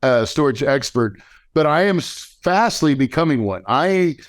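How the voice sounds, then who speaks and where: A man hosting a podcast in casual chat, energetic and slangy, often checking in with "right?". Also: medium pitch, measured pace. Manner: energetic, slangy, thinks aloud with many "right?". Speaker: podcast host.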